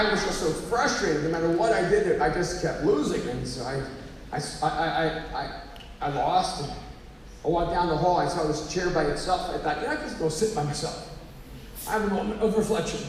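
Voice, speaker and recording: A man's voice: sits high, slight background noise. Man preaching in an echoey hall. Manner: animated storytelling, rising to emphatic exhortation. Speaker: pastor. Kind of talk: sermon. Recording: echoey hall, mic at a distance, faint ambience.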